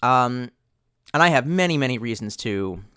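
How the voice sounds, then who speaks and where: A man's voice: medium pitch, lively intonation, moderate pace, a bit bright, smooth, dry recording, studio quality. A young man chatting casually on a livestream, rambling and sarcastic, cursing often and reading viewer messages aloud. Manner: rambling, profane, sarcastic, reads chat aloud. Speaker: streamer.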